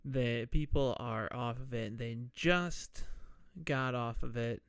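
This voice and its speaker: A man speaking slowly and at an easy pace, walking through a film's plot in a relaxed, conversational way. His voice is smooth and clear, and the recording is dry, with no room sound. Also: medium pitch, no room sound. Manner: slow, loose retelling with quick put-on voices for characters. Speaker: podcast host. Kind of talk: casual movie recap.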